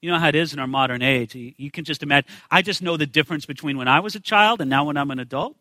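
A man's voice: a little high, rapid-fire, bright, forceful tone, no room sound. A man preaching a sermon as pastor, emphatic, repeating phrases and asking rhetorical questions.

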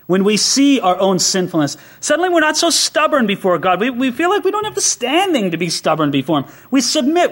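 A man's voice: high voice, a bit bright. A man preaching a sermon to his congregation, reading scripture and asking rhetorical questions, his voice rising sharply on quoted prayers. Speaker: pastor.

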